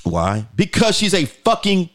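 A man's voice: high-pitched, huge pitch swings, measured pace, fairly bright tone. A man co-hosting a podcast, telling stories in a casual, profane way and acting out quoted voices. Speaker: podcast co-host.

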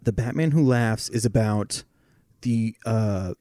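A man's voice: fairly low pitch, takes it slowly, warm tone. Eager man explaining at length. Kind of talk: casual chat.

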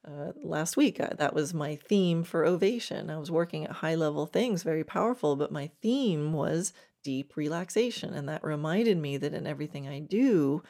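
A woman's voice: deep voice, animated, normal speed, hardly any pauses, mellow. A woman riding coach giving a reflective instructional talk about planning horse training, with a laugh now and then.

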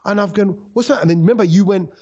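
A man hosting a casual podcast, telling a story with lively acted-out quotes. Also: high voice, fast talker, muffled recording. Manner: animated storyteller who acts out quotes. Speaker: podcast host.

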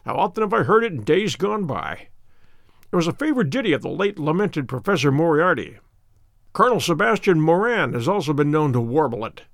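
A man's voice: a little high, big pitch swings, a little fast, creaky, dry recording. Brief: man voicing a witty, unruffled detective; dry, polite irony, dry close recording. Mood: wry. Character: calm, witty, self-assured male detective.

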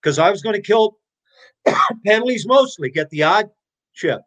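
Animated man in his sixties. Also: sits high, unhurried. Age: 60s. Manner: animated, blunt and profane. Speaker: interview guest, former hockey player. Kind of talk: casual storytelling.

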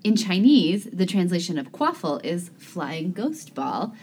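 Lively low-voiced woman co-hosting a podcast. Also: measured pace, a little hiss or hum. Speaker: podcast co-host. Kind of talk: scripted podcast banter.

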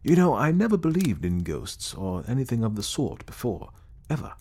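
A man voicing an earnest, reflective gentleman who sincerely recounts meeting a ghost, in an audiobook reading. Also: mid-range voice, big pitch swings, moderate pace, slightly rough, voice pushed up. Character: earnest gentleman telling his ghost encounter. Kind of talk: audiobook character voice.

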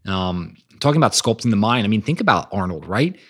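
In a motivational podcast monologue about growth mindset, the male host talks energetically and emphatically, reading quotes aloud. His lowish voice is very animated, a little fast, a bit bright, and has a breathy edge.

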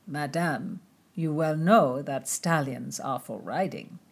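A woman voicing a smooth, flattering male diplomat in close to her own voice. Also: sits low, slow, full character voice. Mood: suave. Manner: suave, flattering.

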